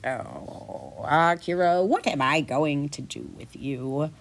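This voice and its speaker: A woman's voice: deep voice, takes it slowly, vocal fry, voice pushed down, full character voice. A woman voicing a flustered, fussy male wizard who scolds in an exasperated way.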